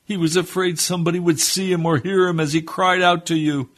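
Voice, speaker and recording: A man's voice: sits high, flat delivery, brisk, a bit bright. A man preaching on a radio broadcast, leading a fervent, pleading prayer that swells and drops. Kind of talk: sermon prayer.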